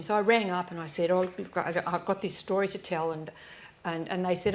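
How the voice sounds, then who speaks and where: A woman's voice: fairly low pitch, a little fast, a little hiss or hum. A woman, an author on a live panel, telling stories and acting out the voices of people in them. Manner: lively anecdotes, acting out voices with frequent restarts. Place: live event stage.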